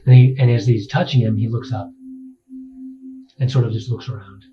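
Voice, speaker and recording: A man working as dungeon master, narrating a tabletop game in a halting way full of restarts. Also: mid-range voice, fairly even intonation, muffled recording, over music.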